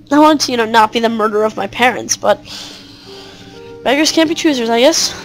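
A woman's voice: a little high, a little fast, pauses often, soft background music, rough recording. A woman playing through a game, reading its text aloud with wry offhand asides. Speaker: game player.

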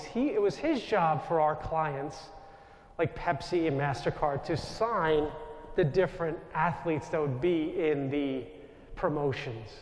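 Man with a New York accent, Jesuit priest, thirties, lively anecdotal talk to an audience, slightly high voice, long hall reverb. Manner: animated anecdotal storytelling, asides to the audience. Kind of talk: storytelling talk to a live audience.

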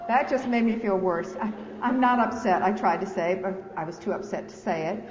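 In a big lecture hall, a woman author and speaker reads from her memoir, breaking in with frank, self-mocking remarks and laughter. She speaks briskly at a medium pitch, and the lo-fi recording sounds dull and echoey with a faint hiss.

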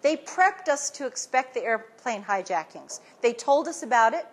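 A woman speaks to an audience at an event, her voice high and a little husky. She tells her story with energy, acts out other people's lines as she quotes them, and often restarts her sentences as she goes. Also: animated, moderate pace. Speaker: speaker giving a talk. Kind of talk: animated storytelling talk to an audience.

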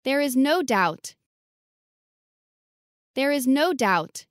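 A woman reading short English sentences slowly and clearly, saying each one twice for learners to repeat. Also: high-pitched, expressive, no room sound, clean studio sound. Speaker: English lesson reader.

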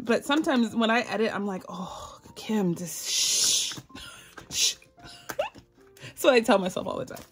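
A woman's voice: on the high side, a bit bright, a little hiss or hum. Bubbly Southern woman budgeting vlogger. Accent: Southern American. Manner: bubbly, giggly, talks to viewers as y'all. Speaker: budgeting channel host. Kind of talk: casual chatty vlog narration.

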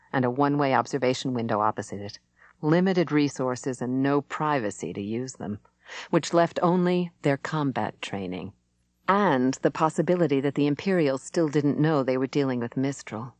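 Low-voiced woman narrating a novel. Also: no room sound. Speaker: audiobook narrator. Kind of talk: scripted narration.

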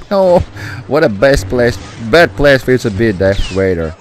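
A man giving live gaming commentary, excitable and rambling, who swears and then apologizes. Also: mid-range voice, moderate pace, a little hiss or hum. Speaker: gameplay commentator.

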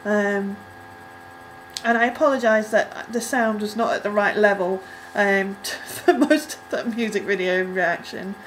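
A young woman casually reacting to a music video, rambling with lots of ums and likes and breaking into excited squeals. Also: medium pitch, a little slow, slight background noise, rough recording.

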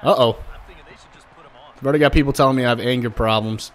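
A man commenting on his own baseball video game play, swearing and flaring up at bad pitches, and talking straight to his viewers. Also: steady tone, quick pace. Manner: swearing, frustrated outbursts at the game. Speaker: gaming YouTuber. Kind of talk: gameplay commentary.

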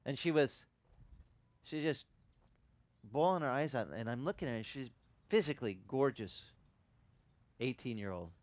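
Guy pastor preaching, chatty storytelling that gets loud and high when he's fired up, dry close sound. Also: expressive, normal speed, pauses often, no echo. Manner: conversational storytelling, rising in pitch and volume when impassioned. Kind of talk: sermon. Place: church ministry in Hawaii.

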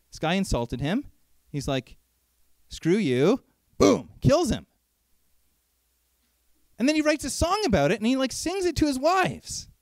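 A man's voice: high voice, dry recording. Male preacher, sermon, conversational, rhetorical questions, dry close sound.

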